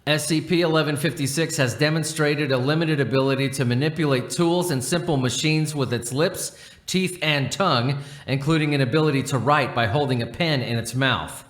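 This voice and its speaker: A man narrating a horror story as a measured, deliberate reading. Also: a little high, fairly bright tone. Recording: roomy echo.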